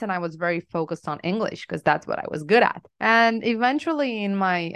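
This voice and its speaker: A woman's voice: medium pitch, a bit bright. A woman from Romania, a native Romanian speaker, co-hosting a podcast in casual chat, self-deprecating and laughing often. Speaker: podcast co-host.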